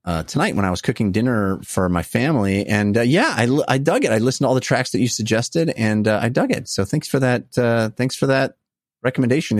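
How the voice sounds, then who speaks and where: A man's voice: medium pitch, dry recording, clean studio sound. A man hosting a casual podcast, talking loosely with frequent "uh" fillers. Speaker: podcast host.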